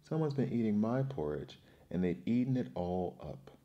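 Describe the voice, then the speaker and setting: A man voicing a tiny baby bear cub who squeaks and sobs in a children's storybook reading. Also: expressive, normal speed, dull audio, close to an everyday voice. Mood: upset, squeaky. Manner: squeaky, tearful.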